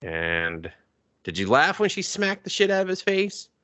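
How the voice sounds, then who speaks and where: Profane, animated man co-hosting a podcast. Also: measured pace. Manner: animated, profane, jumps to high pitch for jokes. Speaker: podcast co-host. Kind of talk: casual movie review chat.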